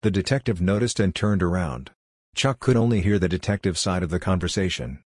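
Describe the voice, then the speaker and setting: A man reading a piece of fiction aloud as narrator with a steady, even delivery. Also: low-pitched, a little fast, dry recording, studio quality. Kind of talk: audiobook-style fiction reading.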